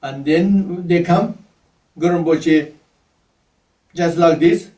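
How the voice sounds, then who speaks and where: A man whose first language is Tibetan gives a Buddhist teaching, speaking slowly and haltingly as he searches for English words. His voice sits a little high for a man. The room is echoey, and he stands some way from the mic. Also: dark tone, distant mic. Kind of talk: dharma teaching.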